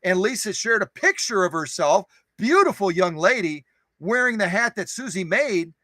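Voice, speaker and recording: A high-pitched man with a bright, sharp voice hosts a relaxed live stream, greeting viewers one by one. He is playful and goofy and loves wordplay and repetition. His voice sounds dry and close, with no room echo. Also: normal speed. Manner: playful and goofy, jokes and repeats phrases.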